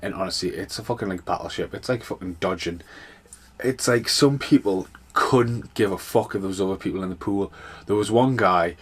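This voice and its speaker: Sweary rambling man, lowish voice. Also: brisk, slight background noise. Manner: rambling, sweary, animated storytelling. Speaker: podcast host. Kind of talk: casual solo rant.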